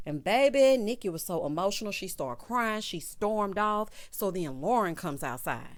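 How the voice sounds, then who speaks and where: A woman's voice: mid-range voice, animated, moderate pace, hardly any pauses. A woman recapping a TV episode in a sassy, chatty way, talking straight to her viewers. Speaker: TV recap vlogger. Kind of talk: casual episode recap commentary.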